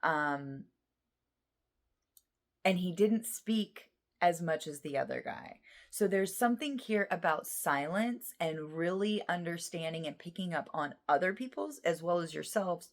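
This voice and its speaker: Woman w a lowish voice doing a tarot reading for viewers, gets all worked up, keeps restarting her sentences. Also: a little slow. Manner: emotional and excitable, rambling with many restarts. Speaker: tarot reader.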